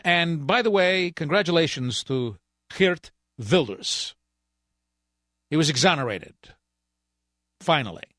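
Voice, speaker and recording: A man in the fill-in host's chair of a talk radio show, ranting with sarcastic bite. His voice sits a little high for a man and swings widely up and down as he works himself up. The studio sound is close and dry. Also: fairly bright tone, dry recording. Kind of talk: political talk radio monologue.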